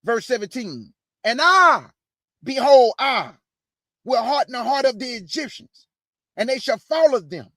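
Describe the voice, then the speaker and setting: A man preaching from the Bible, mixing scripture reading with slangy asides and shouted bursts. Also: very high-pitched, sing-song, moderate pace, no echo, clean studio sound. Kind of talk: energetic street-style Bible preaching.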